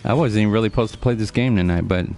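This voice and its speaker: This is a lowish, slightly mellow male voice speaking very fast over slight background noise. He's in his forties, chatting casually but earnestly on a live stream, lecturing, repeating points, and addressing viewers by name.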